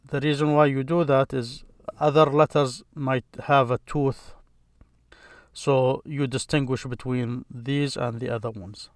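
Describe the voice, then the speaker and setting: Slow patient male teacher. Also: medium pitch, steady tone, no echo, studio quality. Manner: patient, repeats each sound, pauses often. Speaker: Arabic teacher. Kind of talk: slow letter-by-letter lesson.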